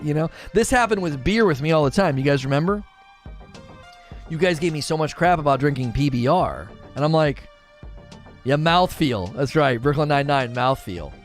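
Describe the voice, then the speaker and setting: A man hosting a livestream, chatting casually and animatedly to his viewers. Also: a little high. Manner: animated, talks straight to chat viewers. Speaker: livestream host.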